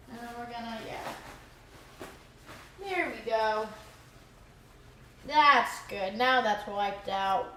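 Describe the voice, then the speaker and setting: A woman's voice: on the high side, slow, long pauses, a bit bright, roomy sound, slight background noise. A goofy, rambling woman, chatting casually with viewers while cooking live in her home kitchen.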